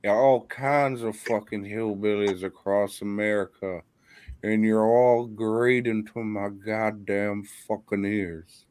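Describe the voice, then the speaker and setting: A man co-hosting a comedy podcast, swearing through mock rants. His voice sits low and he takes his time. The banter stays loose and jokey. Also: steady tone, slow pace, a little mellow, clear, resonant tone, no echo. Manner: profane, mock-ranting. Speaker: podcast co-host.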